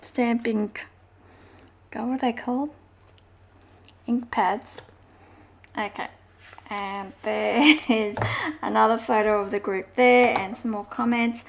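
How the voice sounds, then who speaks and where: A woman talks through her journal decorating in a relaxed, sing-song chat, often circling back with fillers and restarts. Her voice sits a little high and carries a gravelly fry. She takes her time, unhurried and slow. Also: a little hiss or hum. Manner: chatty, meandering, with frequent fillers and self-corrections. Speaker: journaling vlogger. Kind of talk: casual crafting chat.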